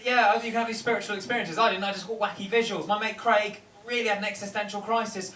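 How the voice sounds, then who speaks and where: High-voiced comedian on stage. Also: male voice, fast talker, hardly any pauses, pushed and bright. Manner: wry, rambling, self-interrupting. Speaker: stand-up comedian. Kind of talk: stand-up set. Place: comedy venue, live audience. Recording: roomy, distant, noisy live room.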